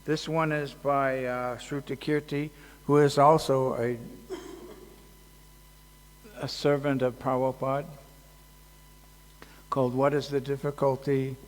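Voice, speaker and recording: A man giving a casual devotional talk at a festival, halting and joking, with many fillers. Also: mid-range voice, level tone. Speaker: speaker at a temple festival. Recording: long hall reverb.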